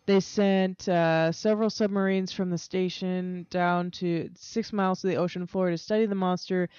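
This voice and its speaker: A woman co-hosting a casual podcast, pausing often with "um" as she works through what she found. Her voice is smooth and clear, a bit low for a woman. The sound is dull and lo-fi, in a dead, dry space. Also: fairly even intonation, a little mellow, dry recording. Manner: hesitant, reads facts with many "um"s. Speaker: podcast co-host. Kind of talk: casual chat.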